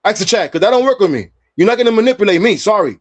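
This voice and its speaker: Dismissive man with a lively voice. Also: sits high, racing, no room sound. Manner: dismissive, repeats stock phrases, laughs things off. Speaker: panelist. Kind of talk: heated panel debate.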